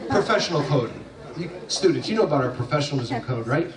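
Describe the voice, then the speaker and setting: A man's voice: fairly high pitch, animated, fast, over a noisy crowd. A man giving a graduation speech, telling a funny story in a loose, jokey way with frequent restarts. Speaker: graduation speaker. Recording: echoey hall from far off.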